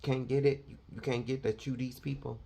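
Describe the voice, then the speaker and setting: A man's voice: mid-range voice, fairly even intonation, a little fast, vocal fry, mellow, husky. A man preaching a confrontational, fiery sermon, lecturing his listeners.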